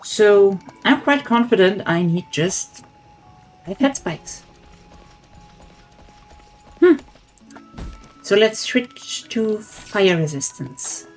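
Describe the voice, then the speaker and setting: A woman's voice: medium pitch, expressive, very slow, long pauses, a little mellow, faint music behind. A woman streamer in casual gaming chat, thinking aloud as she plays and bantering with a friend. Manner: musing, thinks aloud while playing. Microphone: streaming setup.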